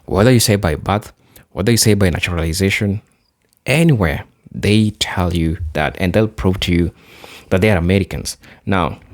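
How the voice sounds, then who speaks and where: A man from Kenya with a very deep voice introduces a reaction segment as host. He speaks earnestly, pausing with fillers. The sound is dry and close. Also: no echo. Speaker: host and presenter. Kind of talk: reaction video commentary.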